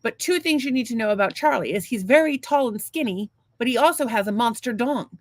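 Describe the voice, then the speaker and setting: A woman's voice: a little high, animated, brisk, dry recording. A woman co-hosting a podcast, telling a long story in a casual, rambling, profane and self-mocking way. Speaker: podcast co-host.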